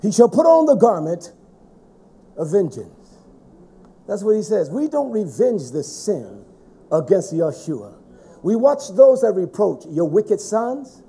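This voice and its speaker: Middle-aged preacher guy, high mellow voice, yells then drops way down quiet. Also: gravelly, breathy edge. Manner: swings between shouting and hushed low tones. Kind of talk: fiery sermon.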